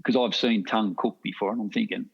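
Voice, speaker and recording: Middle-aged Australian man, low register, dull lo-fi audio, anecdotal. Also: fairly even intonation, quick pace, creaky, slightly rough. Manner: rambling anecdotal, laughs often. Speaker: podcast guest, hunter. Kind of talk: casual storytelling chat.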